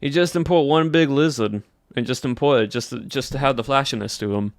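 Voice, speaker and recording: A man's voice: medium pitch, fairly quick, dry recording, clean studio sound, lightly acted. A young man doing a put-on Southern US accent as a folksy cowboy, chatting to his stream with a drawl. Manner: folksy drawl, says y'all. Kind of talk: casual livestream chat.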